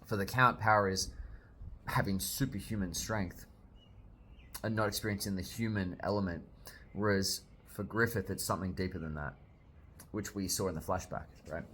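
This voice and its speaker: Brief: young male reviewer, lowish voice, casual jokey read-along talk, faint room hiss. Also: fairly even intonation, normal speed, pauses often, fairly bright tone. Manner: chatty, jokey, reacting while reading aloud. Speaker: manga reviewer.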